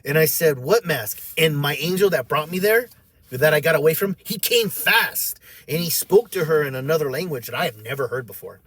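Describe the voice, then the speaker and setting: A man telling an emotional personal story, animated and repetitive, acting out the voices of others as he goes. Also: a little high, brisk. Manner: emotional, repeats himself.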